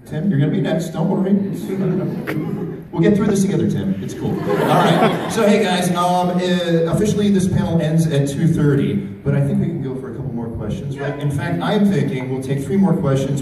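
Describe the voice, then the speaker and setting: A man's voice: a little high, mellow, a little hiss or hum. A man moderating a fan panel, joking with the audience while keeping the questions moving. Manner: jokey and reassuring with the crowd. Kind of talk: managing a fan panel queue. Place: large convention hall. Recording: very echoey hall, far from mic.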